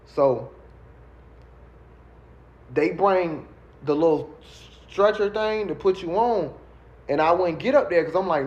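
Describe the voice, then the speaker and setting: A man's voice: mid-range voice, measured pace, pauses often. A man telling the story of his shooting in a rambling, slangy way, his voice rising when he repeats what he told the medics. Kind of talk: casual storytelling. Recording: dull lo-fi video clip.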